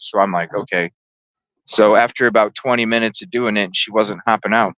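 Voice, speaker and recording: Profane, animated male podcast host. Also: mid-range voice, normal speed, dry recording, lo-fi sound. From lived in Chicago. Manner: animated, profane, acts out voices in the story. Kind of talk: casual storytelling.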